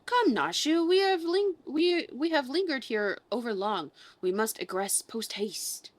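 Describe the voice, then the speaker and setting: A woman playing a puffed-up gentleman detective from a video game, drawling in a southern accent and talking in stately, old-fashioned phrases. A bumbling adult man who takes himself very seriously, with a fairly high voice from the woman putting him on. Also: expressive, measured pace, no room sound. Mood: pompous. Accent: put-on southern drawl. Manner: grandiose, old-fashioned formal diction. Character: pompous bumbling gentleman inspector, male adult. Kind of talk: reading game dialogue aloud.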